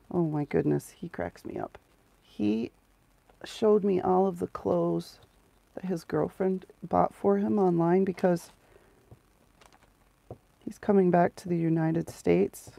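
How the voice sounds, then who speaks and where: A woman's voice: on the low side, fairly even intonation, takes it slowly, creaky, pauses often, mellow, no echo. A middle-aged woman, the host of a crafting livestream, chatting casually and sarcastically to her viewers as she works, close to the mic. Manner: chatty, sarcastic, talks to herself while working.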